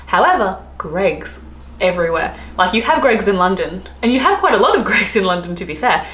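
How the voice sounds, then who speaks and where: A woman's voice: mid-range voice, very animated, a little fast, fairly bright tone. A woman with an Australian accent, chatting casually to camera, rambling and often laughing. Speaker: travel vlogger. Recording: echoey room, faint ambience.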